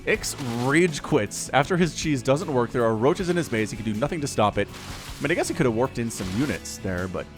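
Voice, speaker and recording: An American man giving excitable, chatty solo commentary on a strategy game, often talking straight to the players. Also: mid-range voice, fairly quick, over music. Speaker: esports caster.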